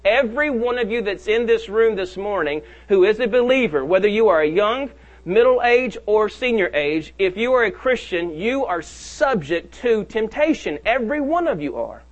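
A male pastor preaching a sermon to his congregation. He leans hard on key phrases and draws them out slowly. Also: sits high, expressive, lo-fi sound. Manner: preaches with rising emphasis and slow, drawn-out key phrases. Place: church sanctuary.

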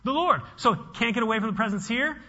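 A man preaching an expository sermon in an animated, conversational way, often restarting his sentences. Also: extremely high pitch, quick pace. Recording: long hall reverb, dull lo-fi sound.

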